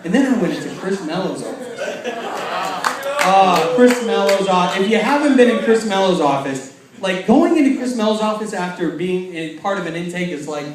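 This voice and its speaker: A man's voice: high-pitched, animated, crowd noise. Give me a young man doing self-mocking stand-up, taped from far off in a roomy hall. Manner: self-mocking storytelling with quick acted-out quotes. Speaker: stand-up comedian. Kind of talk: stand-up comedy. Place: large hall with a laughing audience.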